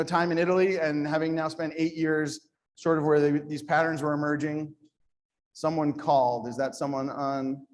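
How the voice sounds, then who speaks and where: A man speaking to a live audience at a startup event in a conversational, self-deprecating way, with frequent restarts. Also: a little high. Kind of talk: live conference talk.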